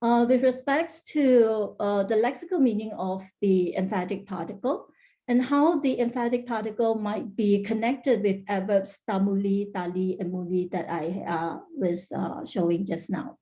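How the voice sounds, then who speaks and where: A woman's voice: mid-range voice, moderate pace, warm tone. A woman presenting linguistics research at an online workshop, explaining carefully with many hesitations and fillers. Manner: frequent "uh" fillers and restarts, careful explanatory delivery. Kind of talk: academic conference presentation.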